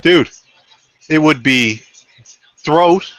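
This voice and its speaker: A man's voice: fairly high pitch, very slow, no echo. A man co-hosting a live fight betting stream, bantering casually, swearing a lot and acting out what people said. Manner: animated storytelling, swears a lot, acts out quotes.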